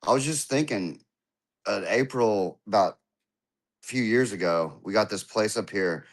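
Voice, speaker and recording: A man's voice: on the low side, expressive, unhurried. A man chatting casually as a podcast host, laughing often and joking. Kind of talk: casual chat.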